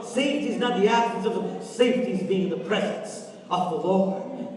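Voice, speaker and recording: High-voiced preacher in an echoey hall. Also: male voice, moderate pace, hardly any pauses, a little mellow, distant mic. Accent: Canadian. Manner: preaching with rising, sing-song emphasis and repetition. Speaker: pastor. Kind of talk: sermon. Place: church sanctuary.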